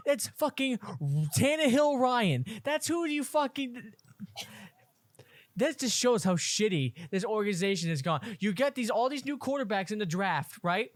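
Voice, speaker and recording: A man's voice: very high-pitched, lively intonation, moderate pace, dry recording. A young man co-hosting a sports podcast, ranting angrily and swearing constantly in casual chat. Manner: angry profane ranting. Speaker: podcast co-host.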